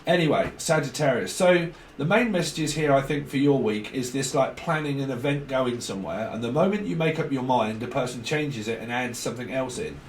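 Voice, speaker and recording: In this tarot reading, a man speaks at a fairly quick clip in a medium pitch, barely pausing as he rambles along. His tone is casual, with occasional cursing and small acted-out exchanges. Faint noise and room echo sit under the audio.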